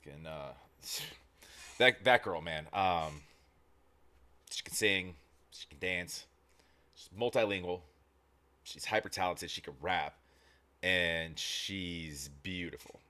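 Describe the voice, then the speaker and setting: A man hosting a reaction video, talking in an excitable, rambling way with frequent restarts. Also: low voice, slow pace, pauses often. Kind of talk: casual reaction commentary.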